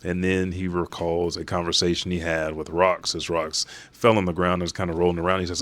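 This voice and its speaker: A man hosting a manga reaction, retelling a chapter in a profane, animated way. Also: sits low, fairly quick, few pauses, no room sound. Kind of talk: casual chapter recap.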